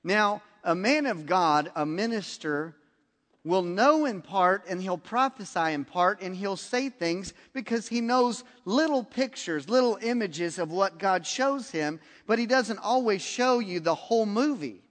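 A man preaching a sermon, retelling a story with lively acted-out dialogue. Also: high voice. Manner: animated, acts out dialogue in the story. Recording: long reverb of a large hall.

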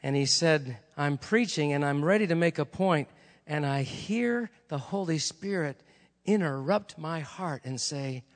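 High, bright-voiced preacher in an echoing hall. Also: male voice, lively intonation, measured pace. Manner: conversational storytelling, chatty asides. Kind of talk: sermon.

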